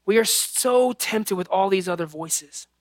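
A man's voice: high voice, unhurried, dry recording, clean studio sound. A man in his thirties preaching a sermon, earnest and conversational, mixing scripture with personal family stories. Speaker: pastor.

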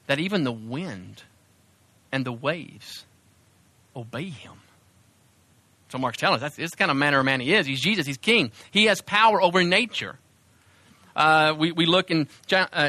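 A man's voice: fairly high pitch, pushed and bright, dry recording. A man preaching a sermon in a church, conversational and full of fillers and restarts. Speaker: pastor.

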